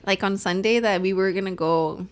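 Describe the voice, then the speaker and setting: A woman's voice: mid-range voice, normal speed, smooth. Chatty young woman telling family stories. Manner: animated storytelling, switching between English and Spanish. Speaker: podcast co-host. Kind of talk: casual chat.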